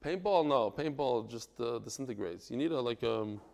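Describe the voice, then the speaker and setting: A man from Brooklyn, New York, teaching a Talmud class in a lively, digressive way, breaking into joking stories. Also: mid-range voice, moderate pace, vocal fry. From United States (Brooklyn, New York).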